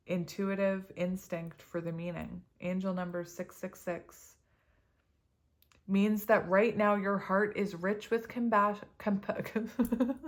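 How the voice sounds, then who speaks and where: An excitable woman reads tarot cards for her viewers and speaks right to them. She has an unhurried way of talking but breaks into laughter often. Her voice sits at a middle pitch. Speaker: tarot reader. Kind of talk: casual tarot reading to camera.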